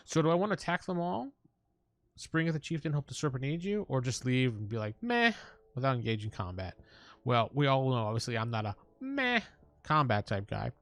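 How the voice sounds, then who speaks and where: Gravelly, playful let's-play host man. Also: medium pitch, lively intonation, a little fast, no echo. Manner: playful, jokey asides while reading. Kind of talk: casual gameplay commentary reading the text aloud.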